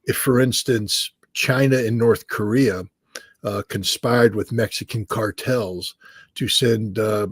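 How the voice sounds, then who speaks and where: A man's voice: lowish voice, steady tone, takes it slowly, slightly rough, no echo, studio quality. A man giving insistent, argumentative commentary as an interview guest, emphatic and driving his points home. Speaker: guest analyst.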